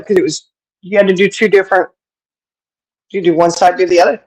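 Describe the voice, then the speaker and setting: A woman chatting casually on a talk stream, spinning a story with frequent laughter. She jumps her pitch up when she quotes other people and drops in folksy sayings. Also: moderate pace, darkish tone, poor audio. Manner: mimics others with raised pitch. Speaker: podcast co-host. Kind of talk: casual chat.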